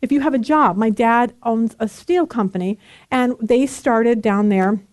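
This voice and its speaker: Chatty, animated woman Bible study teacher. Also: on the high side, measured pace, dry recording. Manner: chatty, animated storytelling with frequent laughter.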